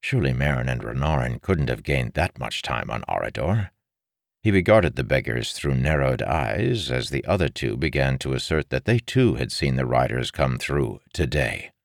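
A man with an extremely deep, low voice reads a fantasy novel aloud in a measured, expressive way. His intonation is lively despite the low register. The recording is dry and close, with no room sound. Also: gravelly, no echo. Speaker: audiobook narrator. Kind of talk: scripted fantasy novel narration.

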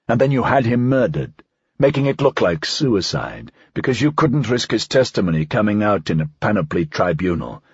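Male narrator voicing a steady investigator in an audiobook, measured and probing, low husky voice. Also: no room sound, muffled recording, full character voice. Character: calm, dogged male investigator. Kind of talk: audiobook character voice.

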